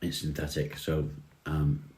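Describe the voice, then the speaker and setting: Deep-voiced man chatting on stream. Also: measured pace, reverberant. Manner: relaxed, chatty, says mate often. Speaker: livestream host. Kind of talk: casual livestream chat reading comments.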